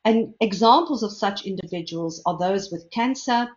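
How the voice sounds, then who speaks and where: Older woman, expert lecturer, measured delivery, mid pitch, slightly muffled webinar sound. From South Africa. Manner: measured, explanatory, stresses key words. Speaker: food safety expert giving a webinar talk. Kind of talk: lecture presentation.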